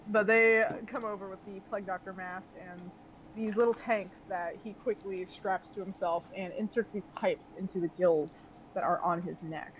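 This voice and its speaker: A man's voice: high voice, steady tone, moderate pace, a bit bright, dull audio, slight background noise. A man narrating as game master of a tabletop game, loose and full of fillers.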